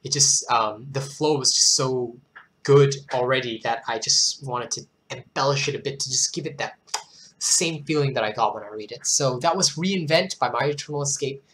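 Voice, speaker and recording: A host with a worn-out, hoarse throat reads poems in an expressive, theatrical way. Between the pieces the talk turns casual, quick and self-deprecating. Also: medium pitch. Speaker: channel host reading viewers' poems. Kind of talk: dramatic poetry reading with casual asides.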